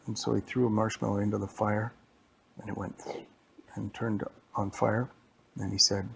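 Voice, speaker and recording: A man's voice: fairly low pitch, flat delivery, normal speed, vocal fry, slight background noise. A man casually telling a made-up story, rambling and repeating himself as he goes. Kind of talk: improvised bedtime-style storytelling.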